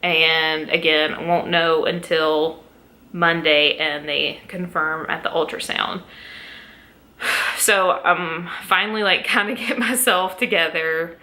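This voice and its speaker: A woman's voice: sits low, fairly even intonation, slow pace, sharp tone. A young adult woman telling a pregnancy story at home in a casual vlog, emotional and close to tears, laughing between lines. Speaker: vlogger.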